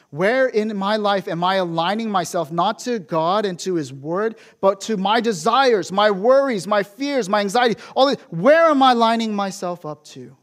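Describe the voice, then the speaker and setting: A young adult man preaching as a pastor, animated and emphatic, dropping to soft asides. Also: sits high. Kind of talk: sermon.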